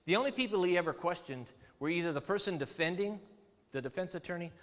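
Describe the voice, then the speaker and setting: A male pastor preaching a sermon, telling the story with lively, acted-out quotes. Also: high voice, fast, big-room sound. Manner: animated storytelling preacher, acts out quoted voices. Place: church sanctuary.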